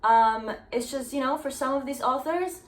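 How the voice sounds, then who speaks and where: Young woman YouTuber, sarcastic, profane, higher voice. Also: normal speed, echoey room. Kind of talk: comedic fanfiction reading.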